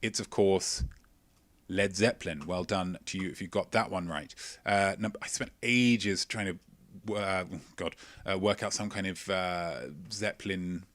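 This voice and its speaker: A man's voice: deep voice, fairly even intonation, measured pace, fairly bright tone, no room sound. A man hosting a live-streamed quiz, reading out viewers' answers with chatty, self-mocking jokes. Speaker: quiz show host.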